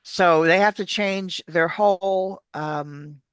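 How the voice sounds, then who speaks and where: A woman's voice: fairly low pitch, slow pace, clear, resonant tone, dry recording. A woman, a coach explaining pronunciation in a chatty, restarting way during an interview. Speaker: accent coach. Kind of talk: casual video-call interview.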